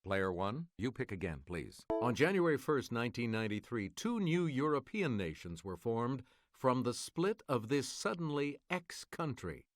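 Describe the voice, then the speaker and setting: A man hosting a game show, reading quiz clues in a measured, formal manner. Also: medium pitch, very animated.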